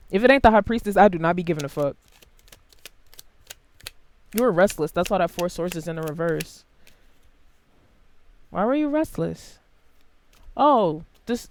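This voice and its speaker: A tarot reader giving a casual, blunt and heavily profane reading to camera, swinging between quiet asides and loud outbursts. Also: no echo. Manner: big jumps in pitch and loudness.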